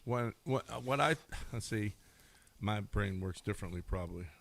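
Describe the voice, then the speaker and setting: A man's voice: fairly low pitch, normal speed, fairly bright tone, no room sound. A man co-hosting sports talk radio, chiming in with short dry quips. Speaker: radio co-host.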